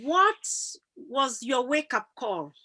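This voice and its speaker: A woman hosting an interview, listening attentively, affirming what she hears and asking gentle questions. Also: sits high, very animated, takes it slowly. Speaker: interview host.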